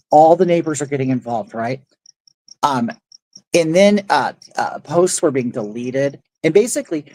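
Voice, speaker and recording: A woman's voice: sits low, a little mellow, dry recording, rough recording. A middle-aged woman hosting a casual livestream, telling a neighborhood feud story in an indignant, rambling way and reading chat aloud. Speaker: livestream host.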